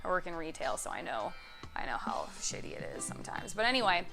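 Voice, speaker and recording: A woman's voice: lowish voice, very animated, fast talker, creaky, pushed and bright, faint music behind. A young woman chatting casually to camera as a vlogger, swearing freely and laughing as she tells stories. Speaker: YouTube vlogger.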